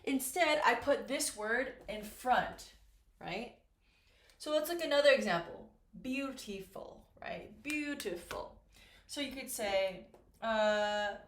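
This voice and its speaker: Woman teacher at a whiteboard, slightly high voice, echoey room, says everything twice. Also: fairly bright tone. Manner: slow, patient, repeats key words. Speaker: English teacher. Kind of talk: classroom whiteboard lesson.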